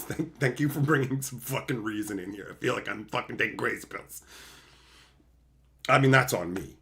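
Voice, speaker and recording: A man from Canada hosting a livestream, ranting at viewers with heavy swearing, sarcasm and shouted outbursts. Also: mid-range voice, moderate pace, creaky. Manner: mocking, sarcastic. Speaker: livestream host.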